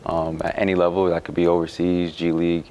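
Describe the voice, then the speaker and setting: A young man, a college basketball player, answering interview questions in a relaxed, halting way with many fillers. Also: deep voice, dull audio. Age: young adult.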